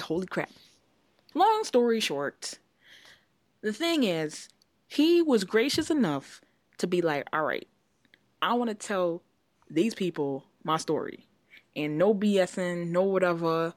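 A woman co-hosting a casual podcast, telling a long story with lively acted-out quotes. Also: on the high side, dry recording. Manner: animated storyteller, acts out quotes. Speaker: podcast co-host. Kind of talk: casual chat.

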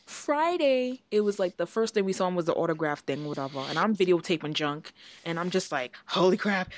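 A woman co-hosting a casual podcast, telling a long story with lively acted-out quotes. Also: medium pitch, a little fast, dry recording. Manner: animated storyteller, acts out quotes. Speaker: podcast co-host. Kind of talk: casual chat.

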